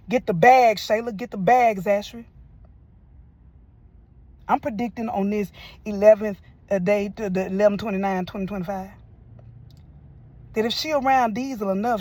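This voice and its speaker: A woman's voice: mid-range voice, mellow, dry recording. A woman reviewing a show in casual, sermon-like talk, emotional and full of church phrases. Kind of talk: casual preachy commentary.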